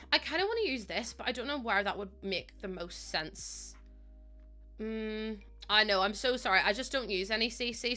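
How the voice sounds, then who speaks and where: A young woman live streaming, thinking aloud as she builds and warmly thanking viewers by name. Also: mid-range voice. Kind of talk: casual live-stream chat while building in a game.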